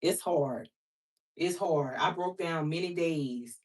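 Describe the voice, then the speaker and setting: A woman's voice: low voice, slow pace, far from the mic. A woman who reads tarot, talking casually and bluntly to her viewers, calling them sister and baby and swearing freely. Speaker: tarot reader. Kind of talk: casual vlog chat to viewers.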